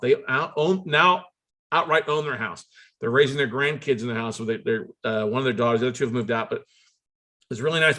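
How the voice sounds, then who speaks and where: Bright-voiced man telling a story. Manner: animated, acts out phone calls with pitch jumps; restarts and repeats words often. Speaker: note investor telling a story. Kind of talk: conversational storytelling.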